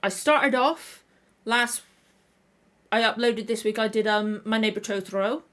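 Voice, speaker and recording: A woman's voice: on the high side, measured pace. Woman host, tired, throat a bit tender, rambling casual stream chat with constant restarts. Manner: rambling, self-correcting. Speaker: reaction channel host.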